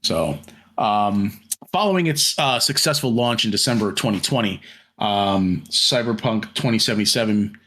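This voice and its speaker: A man's voice: fairly low pitch, expressive, moderate pace, sharp tone. A man co-hosting a podcast in casual chat, rambling with many fillers and restarts and some casual swearing. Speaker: podcast co-host.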